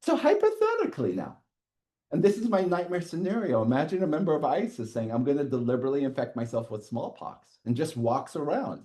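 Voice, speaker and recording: Man, middle-aged, university lecturer, animated swooping delivery, classroom talk, frequent "okay" check-ins. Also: medium pitch. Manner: lively, chuckles often, checks in with "okay".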